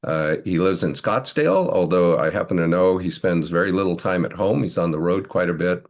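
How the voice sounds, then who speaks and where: A man's voice: deep voice, brisk. A man hosting a webinar, introducing the next speaker with many hesitant fillers. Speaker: webinar host.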